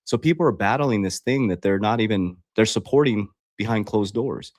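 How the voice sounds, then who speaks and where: This life coach speaks to his livestream audience at a moderate pace in a lowish, darkish voice, addressing them directly as "guys." He's blunt, confrontational, and swears freely throughout the motivational talk. There's no echo, and the sound is studio quality.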